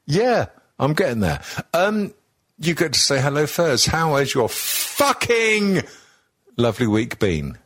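Crude joking man, slightly husky voice. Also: fairly high pitch, huge pitch swings, unhurried, a bit bright, no room sound, studio quality. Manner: crude joking, teasing, many ums. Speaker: podcast co-host. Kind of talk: casual sweary banter.

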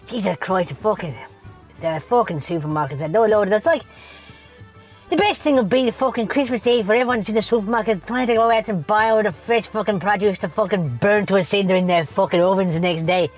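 A woman's voice: medium pitch, brisk, soft background music, natural voice. A woman playing a foul-mouthed, bitter man who rants and swears constantly for a comedy podcast. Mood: scornful. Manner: swears constantly, scornful ranting.

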